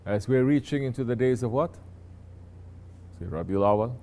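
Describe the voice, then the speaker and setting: A man's voice: medium pitch, moderate pace, darkish tone. A man, a sheikh, teaching his disciples in a conversational sermon, often turning to ask listeners if they understand.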